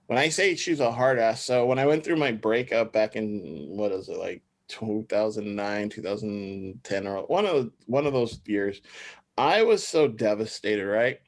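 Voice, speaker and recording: A man in his thirties hosting a podcast, chatting casually and rambling with many fillers. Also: fairly low pitch. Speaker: podcast host. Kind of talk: casual chat.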